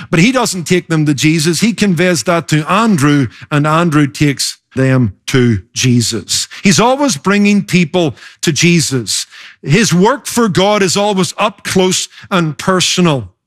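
A man preaching a sermon as pastor, emphatic, slowing down and speeding up to stress his points. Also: high voice, animated, fairly bright tone. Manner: emphatic preaching with varied pace.

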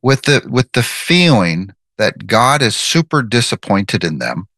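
A man's voice: on the low side, big pitch swings, measured pace, fairly bright tone, no echo. A man giving devotional Bible teaching, earnest and emphatic, repeating his key phrases.

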